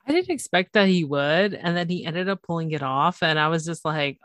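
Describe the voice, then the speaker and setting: A woman chats casually as a podcast co-host, easygoing and soft-spoken, with light laughs. Her voice sits a little low. The sound is dry, with no room echo. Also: animated, brisk, hardly any pauses. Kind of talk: casual chat.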